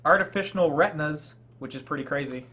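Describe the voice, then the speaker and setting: A man's voice: on the high side, fairly quick, sharp tone. A young man co-hosting a casual podcast, with wry, dry humor. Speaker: co-host. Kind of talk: casual chat.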